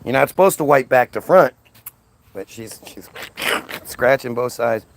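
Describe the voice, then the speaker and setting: A man's voice: medium pitch, a little slow, vocal fry, background noise. A man telling a crude, rambling comic story as a stand-up monologue.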